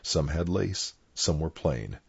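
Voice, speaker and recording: An older man, a clergyman, reading his own personal anecdotes aloud in a plain, unhurried storytelling manner. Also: rumbling low, lively intonation, gravelly, husky, no echo. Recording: dull lo-fi dry recording.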